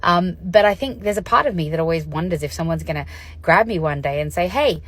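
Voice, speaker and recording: A woman's voice: low-pitched, fast talker, slight background noise. A woman casually explaining her own experiences to camera in a candid, chatty way, laughing often. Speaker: vlogger sharing personal experience. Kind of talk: casual educational talk to camera.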